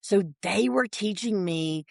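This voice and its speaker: A woman, a podcast guest telling a personal story, animated and quick to laugh. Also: medium pitch, vocal fry, no echo, studio quality. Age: 40s. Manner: animated storyteller, acts out family voices, laughs often.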